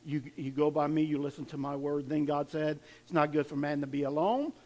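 A pastor with a high voice preaches to his congregation. His talk is loose and conversational, full of questions thrown to the room and words said twice as he builds up a point. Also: fairly quick, a little mellow. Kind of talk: sermon.

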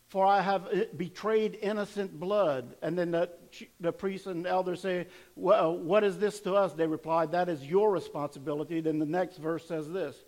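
High-voiced preacher with dramatic swings. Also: male voice. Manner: dramatic retelling with rising and falling intensity. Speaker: pastor. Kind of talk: sermon.

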